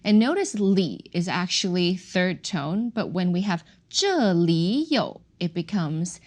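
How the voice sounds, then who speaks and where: A woman teaching a Chinese language lesson on a podcast, slowly modeling tones. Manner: slow, careful modeling of tones with lively pitch swings.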